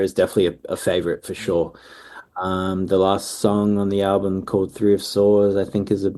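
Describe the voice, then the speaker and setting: A man's voice: sits low, warm tone. A man in his thirties, a musician answering interview questions in an easygoing way with frequent ums. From Australia. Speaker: musician guest.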